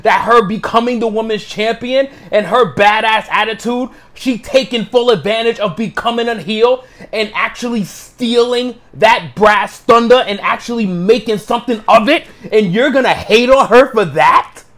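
A man co-hosting a heated wrestling debate, talking loudly and cutting in over his co-host. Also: high-pitched, normal speed, few pauses. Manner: loud, combative, talks over the other host.

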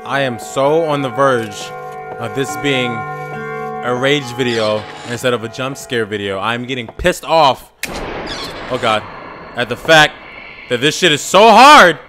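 A man's voice: medium pitch, measured pace, music in the background. A man playing a horror game while commenting on it, muttering, swearing and breaking into frantic outbursts. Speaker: gaming YouTuber.

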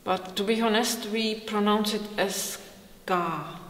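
Slow Czech-accented woman teaching sounds. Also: medium pitch, a bit bright. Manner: slow, careful, demonstrating sounds. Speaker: language teacher. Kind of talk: pronunciation lesson. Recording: roomy hall reverb.

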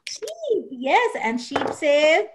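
A woman's voice: sits high, sing-song, drawn-out words, slight background noise, poor audio. A woman teaching an online preschool lesson, coaxing the children and making animal sounds.

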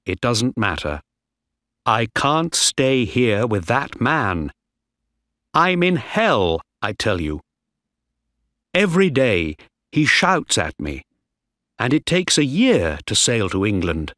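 A man's voice: mid-range voice, very animated, slow pace, long pauses, fairly bright tone, no room sound, clean studio sound. A man voicing a young male ship officer, desperate and defiant, who speaks firmly.

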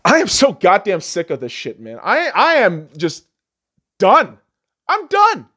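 Male podcast host, furious profane rant, very lively pitch, shouts then mutters. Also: measured pace, breathy edge. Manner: angry, insulting, swings between yelling and muttering.

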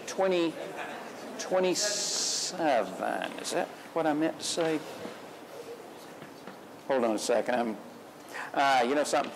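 A man's voice: mid-range voice, low-quality recording. A man leading a school band rehearsal, giving upbeat, encouraging instructions and singing the rhythms on syllables. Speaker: band clinician conducting a rehearsal.

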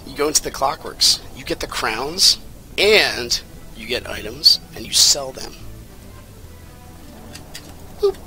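A man in his thirties giving casual, rambling and jokey commentary while playing a game, with sudden excited outbursts. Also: medium pitch, slow pace, pauses often, soft background music. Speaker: let's play commentator.

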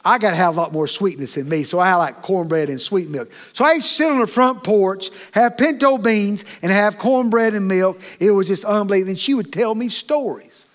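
Middle-aged pastor, a man with a high-pitched voice, preaching in a folksy way that keeps turning to the congregation. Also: fairly quick, few pauses. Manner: folksy, with frequent "okay?" and "amen?" asides to the congregation. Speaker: associate pastor. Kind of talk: sermon.

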